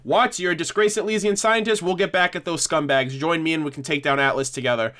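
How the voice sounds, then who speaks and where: A man's voice: on the high side, fairly even intonation, quick pace, bright, forceful tone. A man voicing a coaxing villain queen.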